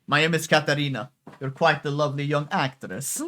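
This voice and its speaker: A man voicing a suave older woman, a theater patron, in a smooth, knowing manner while reading a game story aloud. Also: a little high, level tone, a little fast, sharp tone.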